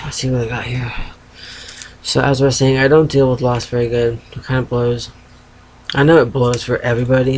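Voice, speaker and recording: A man's voice: mid-range voice, a little hiss or hum, poor audio. Feverish, rambling man with fading East Coast accent. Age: 30s. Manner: rambling, frank, swears casually, self-interrupting. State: feverish and sedated. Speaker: vlogger. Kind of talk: casual confessional video diary. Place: at home by a computer.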